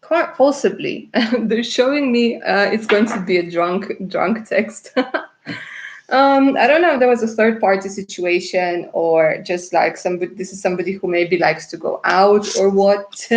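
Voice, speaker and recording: A woman from Russia doing live-stream tarot readings, chatty and warm in her words, laughing often and calling viewers darling. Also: mid-range voice. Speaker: tarot reader.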